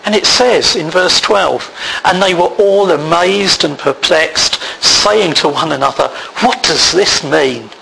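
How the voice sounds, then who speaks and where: A man preaching a sermon, reading scripture aloud in a measured way. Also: on the high side, pushed and bright, a little hiss or hum, rough recording. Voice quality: gravelly.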